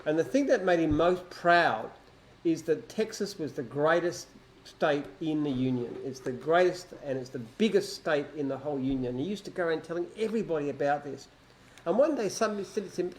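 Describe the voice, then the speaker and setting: A man's voice: fairly high pitch, animated, brisk, a little hiss or hum, poor audio. A man chatting casually and telling a long joke, rambling with restarts. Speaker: company founder answering questions.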